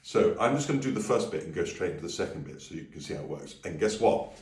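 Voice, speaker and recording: A man's voice: deep voice, animated, fast talker, darkish tone. A man teaching a song on video, explaining in a friendly, easygoing way and singing demonstrations. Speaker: music teacher. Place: room with a piano. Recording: echoey room, voice a little distant.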